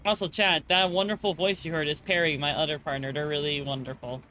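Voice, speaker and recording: A woman's voice: sits low, steady tone, fairly quick, slight background noise. A young woman streaming a game, chatting casually with friends and chat, joking and swearing as she plays. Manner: profane, joking, reacts loudly to game alerts.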